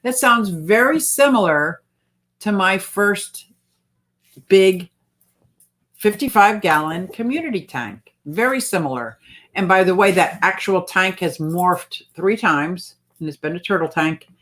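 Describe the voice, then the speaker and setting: A woman's voice: fairly low pitch, expressive, unhurried, fairly bright tone. A woman hosting a casual livestream, chatting and reading out viewer comments. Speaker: livestream host.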